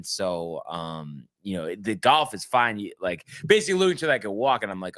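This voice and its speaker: Rambling bright-voiced man telling a story. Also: lowish voice, expressive, a little fast, few pauses. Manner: rambling storyteller, many restarts and acted-out quotes. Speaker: podcast co-host. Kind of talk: casual chat.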